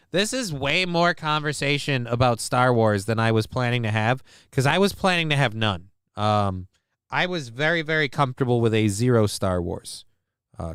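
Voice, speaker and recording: Hosting a laid-back live stream, a man talks in a mid-range voice that's bright, crisp, smooth, and sharp at the edges. He wanders off on tangents, swears a lot, and mocks himself, all captured dry and up close on the mic without any room echo.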